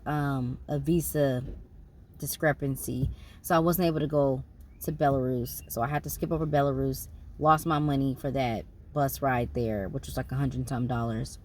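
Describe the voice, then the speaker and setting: Low-voiced woman recapping her travels. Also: fairly even intonation, moderate pace, a little hiss or hum. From United States. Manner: rambling, conversational, many fillers and self-corrections. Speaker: travel vlogger.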